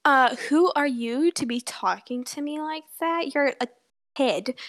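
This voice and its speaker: A teenage girl mimicking a snobbish, indignant middle-aged woman who speaks with a slightly raised pitch and slow contempt. It stays close to an everyday voice. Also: fairly bright tone.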